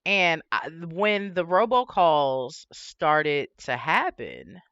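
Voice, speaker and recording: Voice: mid-range voice, animated, very slow, fairly bright tone, smooth, dry recording, muffled recording. A livestream host with a lisp, chatting casually and rambling with swearing and frequent laughs.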